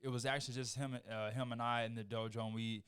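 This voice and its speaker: Smooth-voiced man guest, laid-back. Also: mid-range voice, flat delivery, fast talker, a bit bright. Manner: laid-back storytelling, swears freely. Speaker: podcast guest. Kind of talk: casual chat.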